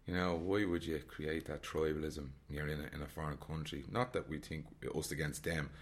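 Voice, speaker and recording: A man's voice: extremely low pitch, fairly even intonation, a little fast. A man from Dublin with a Dublin Irish accent, chatting candidly and reflectively about travelling alone, rambling and repeating himself. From Ireland, Dublin. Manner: rambling, frank, repeats phrases. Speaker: solo traveller vlogger.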